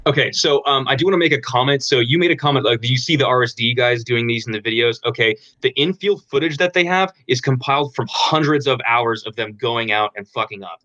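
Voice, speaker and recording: A man in his twenties answers interview questions about dating in a loose, frank way, full of "um" and restarts. His voice is bright and forward. The recording is dry and a bit dull, lo-fi. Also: medium pitch, fairly quick, hardly any pauses, no room sound. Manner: frank, explanatory, many fillers and restarts. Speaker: dating coach guest.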